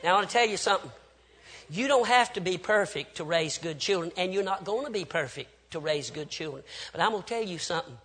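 An older man, preaching a sermon and telling family stories, swinging from shouts to hushed tones. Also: sits high, lively intonation, fast, breathy edge. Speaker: pastor.

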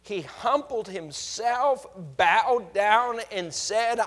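A man preaching a sermon in a dramatic way, swinging from loud to hushed and acting out the voices he quotes. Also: very high-pitched, animated, measured pace.

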